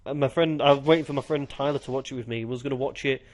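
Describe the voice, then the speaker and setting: A young man from the UK co-hosting a podcast, chatting casually about films and acting out favourite scenes with quick, animated retelling. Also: mid-range voice. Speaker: podcast co-host.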